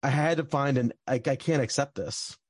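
A man's voice: mid-range voice, normal speed, no room sound. Rambling young man in a dry close recording. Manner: rambling, full of "like" and "um" fillers and restarts. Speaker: guest telling a personal story. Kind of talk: casual storytelling.

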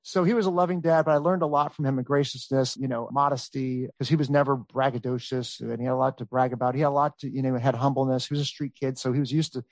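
A man in his thirties telling a long family story in casual chat, rambling and animated, with many fillers. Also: medium pitch, fast, hardly any pauses, dry recording. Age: 30s. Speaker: storyteller guest.

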